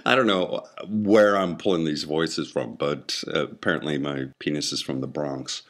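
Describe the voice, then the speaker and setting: A man's voice: deep voice, normal speed. A man hosting a solo podcast, talking through his divorce in a rambling, self-deprecating way. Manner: rambling, self-deprecating humor, many fillers and restarts. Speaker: podcast host. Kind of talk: casual solo monologue.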